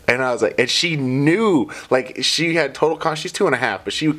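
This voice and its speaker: Low-voiced man telling a story casually. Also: fairly quick, hardly any pauses. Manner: animated storyteller who acts out quoted dialogue. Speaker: podcast host. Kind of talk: casual chat.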